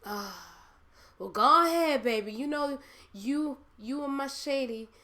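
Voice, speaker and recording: A woman voicing a doting elderly great-aunt who calls her listener baby in a warm folksy drawl. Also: sits high, measured pace, voice pushed up. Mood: affectionate.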